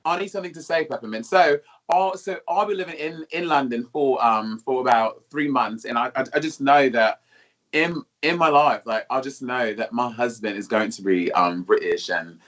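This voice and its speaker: A man putting on a halting, fake posh British accent. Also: sits high, big pitch swings, fairly bright tone. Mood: playful. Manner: hesitant, halting.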